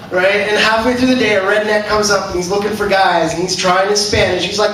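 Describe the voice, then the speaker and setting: Brash high-voiced comic in echoey club. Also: male voice, fairly even intonation. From Canada. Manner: brash, profane storytelling with quick asides. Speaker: stand-up comedian. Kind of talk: stand-up comedy set. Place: comedy club stage. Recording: echoey club, far from mic, audience noise. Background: audience laughter.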